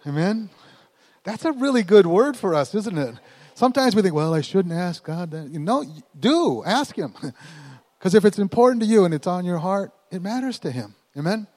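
A man preaching at a church, telling a story in a folksy, animated way with chuckles in between. His voice sits a bit higher than most men's. A long reverb trails off each phrase, as if in a large hall. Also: normal speed. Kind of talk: sermon storytelling.

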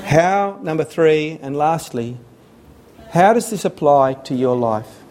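A man's voice: on the high side, lively intonation, takes it slowly, darkish tone, slight background noise. A man preaching a sermon, earnest and repeating phrases for emphasis.

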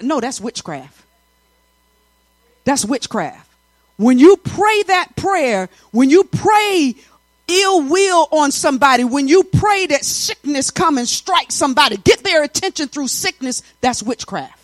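A woman preacher delivering a sermon in a call-and-response style, with colloquial asides and stretches that rise to shouting. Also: high-pitched, animated, a little slow, dry recording.

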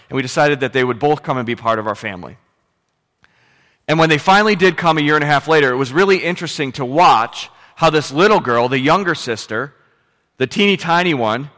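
A man preaching a sermon as pastor, moving from quiet storytelling into loud, emphatic exhortation. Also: medium pitch, big-room sound.

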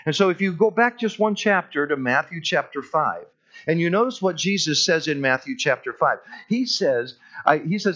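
A man preaching a sermon as pastor in a church, earnest and emphatic, slowing down on key words. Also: a little high, expressive, fairly bright tone, muffled recording.

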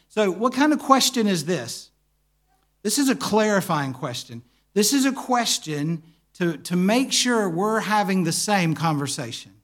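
A man with a high voice for his sex teaches a church group in a relaxed, conversational way. He tells stories with animation and keeps checking in with his listeners by asking them questions.

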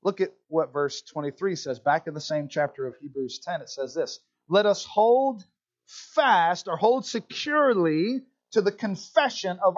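A man with a Southern country accent, preaching a sermon to his congregation, talking to them directly with animated asides. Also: high-pitched, lo-fi sound. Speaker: pastor.

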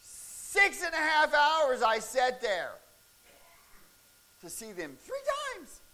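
Lively high-voiced male preacher. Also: takes it slowly. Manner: animated, shouts and laughs at the peaks of stories. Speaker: pastor. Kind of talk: sermon storytelling. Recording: faint hiss.

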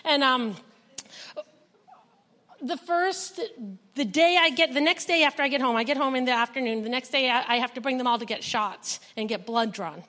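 Woman with a high voice giving an emotional, animated church testimony. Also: moderate pace, big-room sound. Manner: animated storytelling, acting out quoted dialogue. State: emotional, near tears. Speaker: foster mother sharing a testimony. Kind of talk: personal testimony told to a congregation. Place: church service.

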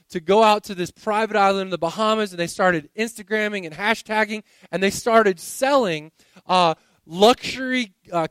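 A man delivering a sermon in a loose, conversational way, often doubling back on his words. His voice sits high and sounds smooth and resonant. The recording is close and dry. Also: a bit bright, no room sound. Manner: conversational preaching with frequent repeated words. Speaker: pastor.

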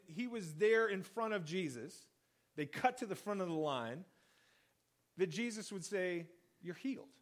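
Animated high-voiced male pastor. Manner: animated storytelling, acts out quoted voices, chuckles. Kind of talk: sermon.

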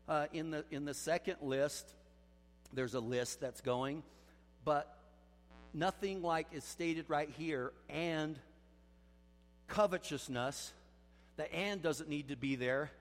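Preaching man with a higher voice in a reverberant hall. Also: takes it slowly, pauses often. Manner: swings from quiet intensity to loud pleading emphasis. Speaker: pastor. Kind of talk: sermon.

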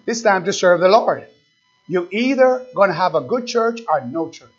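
High-voiced impassioned male preacher. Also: lively intonation, normal speed, husky. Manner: impassioned preaching, swings from shouting to hushed. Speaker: pastor. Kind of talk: sermon. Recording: dull lo-fi recording.

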